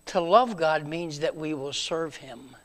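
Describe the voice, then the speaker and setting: A man preaching a sermon in a church, moving between loud emphatic calls and hushed, quiet passages. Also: fairly high pitch, a little slow.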